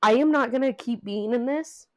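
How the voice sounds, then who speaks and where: A woman's voice: a little high, normal speed, a little mellow. A young woman co-hosting a casual chat podcast, frank and blunt, swearing freely as she talks. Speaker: podcast co-host.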